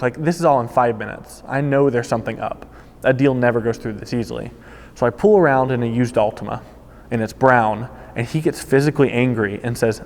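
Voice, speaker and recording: Male storyteller, former car salesman, animated delivery, ordinary middle register, recorded with long reverb. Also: medium pitch, normal speed. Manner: animated storytelling, voices quoted people. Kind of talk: casual spoken anecdote.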